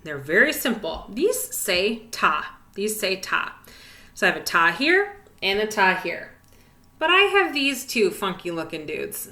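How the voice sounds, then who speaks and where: A woman's voice: mid-range voice, bright, forceful tone, reverberant. A woman music teacher giving a cheerful, encouraging video lesson to young children, speaking in a sing-song way and whispering the rests.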